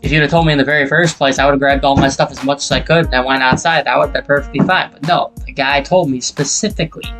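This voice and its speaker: A young man of middling pitch tells a frustrating story in a loose, rambling way and swears freely as he gets worked up. Soft music plays faintly underneath. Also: fairly even intonation, fast talker, few pauses. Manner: heated, profane, rambling retelling. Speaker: gaming channel host. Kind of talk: casual storytelling over gameplay.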